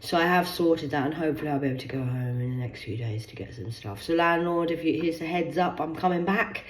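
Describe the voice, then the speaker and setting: A woman telling a rambling personal story in a vlog, swearing freely and swinging between loud bursts and muttered asides. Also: low-pitched, fast, hardly any pauses. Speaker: vlogger. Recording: echoey room.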